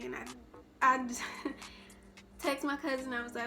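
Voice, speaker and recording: A woman's voice: high-pitched, steady tone, measured pace, long pauses, music in the background. A young woman telling a personal story in a casual storytime vlog, rambling and full of restarts. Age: young adult. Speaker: vlogger.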